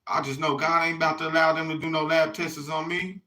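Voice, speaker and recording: A man's voice: a little high, level tone, fast, bright, forceful tone, low-quality recording. A man talking to his viewers in a loose, rambling monologue, swearing freely and repeatedly checking in with "you hear me". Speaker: vlogger.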